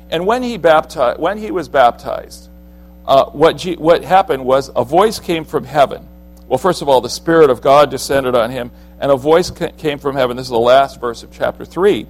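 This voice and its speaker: A man's voice: mid-range voice, normal speed, faint music behind, low-quality recording. A man preaching a sermon in an earnest, conversational way, often restarting his sentences as he explains.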